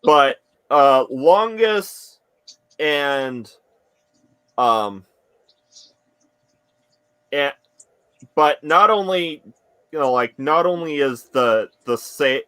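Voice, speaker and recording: A man's voice: fairly high pitch, animated, extremely slow, pauses often, sharp tone, clean tone, no echo. A man narrating as dungeon master, hesitant and full of fillers. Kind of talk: narrating a tabletop game.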